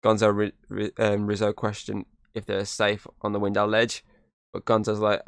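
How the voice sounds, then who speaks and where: A man casually recapping a movie on a podcast, his voice sitting a little low. The sound is close and dry. He rambles through the plot and drops into brief impressions of the characters. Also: completely flat delivery, moderate pace, gravelly, clean tone, dry recording. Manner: rambling retelling with quoted character lines. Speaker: podcast host.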